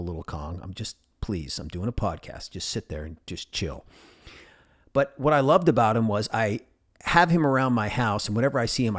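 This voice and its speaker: A middle-aged man from New England hosting a casual solo podcast, rambling and joking as he talks. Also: mid-range voice. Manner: rambling, jokey, talks to his stuffed animals. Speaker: podcast host.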